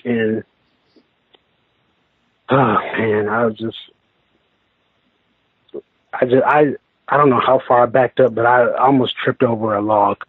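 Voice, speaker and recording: Male guest on a phone line, husky voice, dry and tinny sound, halting and rambling delivery. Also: medium pitch, dry recording. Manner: rambling, halting, many restarts and fillers. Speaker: guest telling his encounter. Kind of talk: casual storytelling interview.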